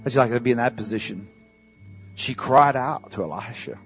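A man preaching a sermon as pastor of a church, calling out to the congregation for responses and swinging between loud bursts and hushed asides. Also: mid-range voice, brisk, faint music behind.

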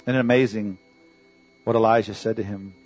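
A man preaching in church with a husky, slightly rough voice, rising to loud bursts and dropping to near whispers as he calls on the congregation to answer. Soft music plays faintly beneath him. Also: on the low side, steady tone, a little fast. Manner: call-and-response preaching, swinging from loud bursts to hushed asides. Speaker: pastor. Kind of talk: sermon.

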